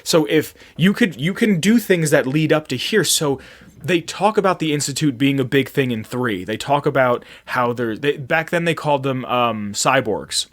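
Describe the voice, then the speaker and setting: A man's voice: medium pitch, lively intonation, normal speed, no room sound. A man co-hosting a casual podcast, rambling with many fillers and restarts. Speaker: podcast co-host.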